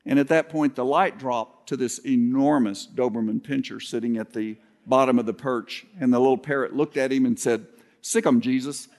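A man who is a pastor, preaching a sermon with folksy storytelling, humor, and some halting restarts. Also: medium pitch, fairly even intonation, darkish tone. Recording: long hall reverb.

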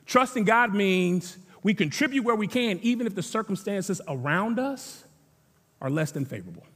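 High-voiced pastor preaching in a reverberant hall. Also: male voice, big pitch swings, moderate pace, a bit bright. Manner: conversational preaching with emphatic repetition. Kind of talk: sermon.

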